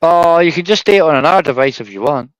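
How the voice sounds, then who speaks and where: A man's voice: on the high side, animated, fast, no echo, highs cut off. A Scottish man hosting a livestream, chatting casually in a rambling, sweary way and tacking "right?" onto his sentences. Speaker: livestream host. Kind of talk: casual chat.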